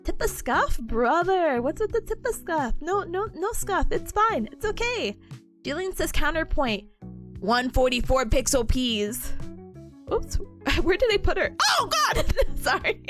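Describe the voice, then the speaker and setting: A woman's voice: high-pitched, sing-song, unhurried, fairly bright tone, faint music behind. A young woman, chatting casually on a study stream, bubbly and gushing, laughing often.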